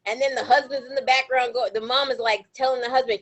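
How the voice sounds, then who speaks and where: A young adult woman co-hosting a podcast, telling stories in a casual, animated way with slangy, emphatic repetition. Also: high-pitched, fast talker, poor audio. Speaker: podcast co-host. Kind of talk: casual chat.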